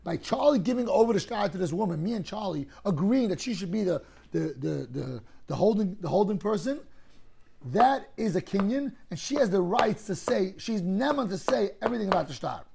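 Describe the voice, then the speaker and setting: A man teaching a Talmud class, explaining cases through lively hypothetical scenarios and often clearing his throat. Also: high voice, fairly quick.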